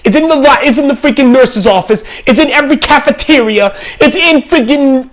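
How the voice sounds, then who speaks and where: A young man delivering an angry, sarcastic, profanity-filled comedic rant, mocking and shouting at his listeners. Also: extremely high pitch, a little fast, hardly any pauses, slight background noise. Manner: angry, sarcastic, swearing constantly, shouts and mocks. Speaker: vlog ranter.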